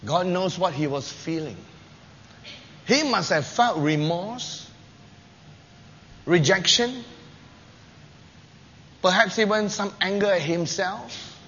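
A man preaching a sermon, telling scripture stories with lively, acted-out quotes. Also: slow, long pauses. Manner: animated storytelling, acting out quotes with rising pitch and loudness. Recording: dull lo-fi recording with long hall reverb and faint noise.

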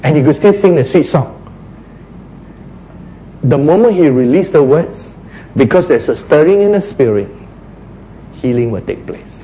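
A man preaching a sermon, acting out quotes, sometimes shouting and then dropping to a hush. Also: on the high side, unhurried, long pauses, a little hiss or hum, low-quality recording. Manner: animated, acts out quotes, shouts and drops to a hush.

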